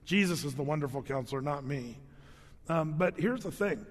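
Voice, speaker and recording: Middle-aged guy preaching, casual jokey sermon, kinda high voice, long hall reverb. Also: animated, normal speed. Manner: conversational, joking asides, repeats words. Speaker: pastor.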